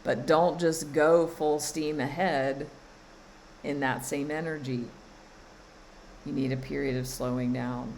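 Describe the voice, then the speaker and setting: A woman's voice: low voice, steady tone, slow, long pauses, darkish tone, slight background noise, poor audio. A woman coaching her listeners on a live stream, speaking in an emphatic way, repeating phrases and often laughing. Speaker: spiritual coach and card reader. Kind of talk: live-streamed spiritual guidance.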